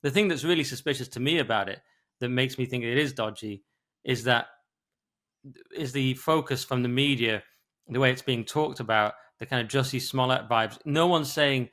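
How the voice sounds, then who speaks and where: A man's voice: medium pitch, fairly bright tone. Tired, rambling man. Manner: quick, rambling, conversational. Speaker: podcast co-host. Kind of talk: casual political discussion.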